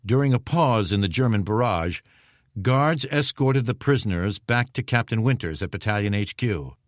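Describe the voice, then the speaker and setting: Low-voiced male audiobook narrator. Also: dry recording, clean studio sound. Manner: steady, measured reading. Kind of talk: scripted narration.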